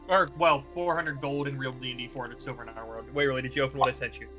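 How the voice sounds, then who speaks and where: A man's voice: medium pitch, steady tone, fast, over music. A man running a casual tabletop game as dungeon master, answering players with dry teasing.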